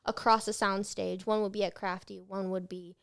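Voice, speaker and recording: A teenage actress talks easily through an interview, rambling into anecdotes with plenty of "like" and "um". Her voice sits at a middle pitch, and the recording is dry and close with no room sound. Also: level tone, normal speed, vocal fry, clear, resonant tone, dry recording. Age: late teens. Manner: chatty storyteller, many fillers. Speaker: guest actress. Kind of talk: casual interview chat.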